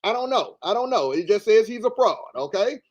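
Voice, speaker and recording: A man's voice: high-pitched, big pitch swings, a little fast. A man hosting a commentary show, reading out text messages and answering them with emphatic repetition and rhetorical questions. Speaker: show host.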